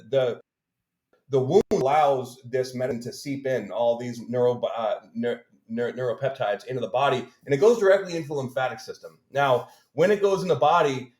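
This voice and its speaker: A man's voice: mid-range voice, darkish tone. A man earnestly explaining a healing practice in casual interview talk, often checking in with "right?". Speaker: guest healer. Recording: roomy echo.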